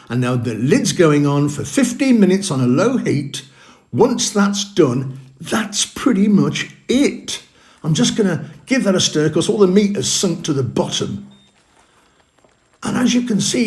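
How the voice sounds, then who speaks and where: A man hosting a cooking video, talking viewers through each step in a chatty, upbeat way. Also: high voice. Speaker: cooking channel host. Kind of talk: casual cooking demonstration.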